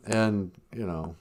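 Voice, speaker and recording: A man's voice: lowish voice, darkish tone, smooth. A man hosting a comedic podcast, joking sardonically and laughing at his own jokes. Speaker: podcast host.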